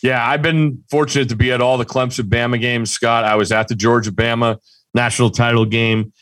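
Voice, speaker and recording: A man's voice: mid-range voice, level tone, brisk, a bit bright. Big-framed man rambling in casual sports talk. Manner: rambling with restarts and fillers. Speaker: co-host.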